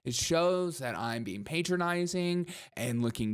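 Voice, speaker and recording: A man's voice: on the high side, lively intonation, a little slow, few pauses, smooth. A young man hosting a show, reacting to news clips with sarcastic commentary and mocking impressions. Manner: sarcastic, mimics speakers in mocking voices. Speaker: show host.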